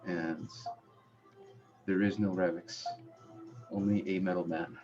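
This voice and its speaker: A young man in a low register narrates a tabletop game as game master. He describes each scene step by step, stopping often on fillers. The sound is muffled and lo-fi. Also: little pitch movement, a little mellow, soft background music. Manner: descriptive, halting with frequent fillers. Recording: muffled lo-fi audio.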